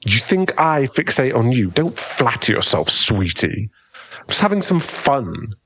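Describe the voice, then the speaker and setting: Male voice actor as a cocky young rival for an ASMR role-play: gravelly, slow and smug, always teasing. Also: medium pitch, sing-song, a bit bright, slight background noise. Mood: smug mocking. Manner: taunting, smug, chuckling. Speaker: ASMR roleplay performer.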